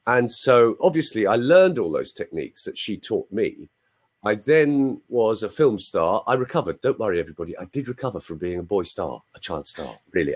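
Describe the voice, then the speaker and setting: A man in his sixties with a London accent spins stories in a chatty, playful way, checking in with listeners as he goes. His voice sits low, with a slightly husky edge. His pitch swings widely as he talks. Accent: London English. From London, England. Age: 60s. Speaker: guest. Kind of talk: storytelling on a live video chat.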